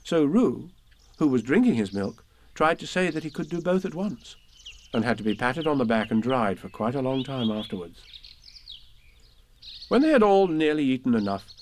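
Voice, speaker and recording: A man narrating a children's storybook in a gentle, unhurried way. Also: medium pitch, sing-song, slight background noise. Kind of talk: storybook reading.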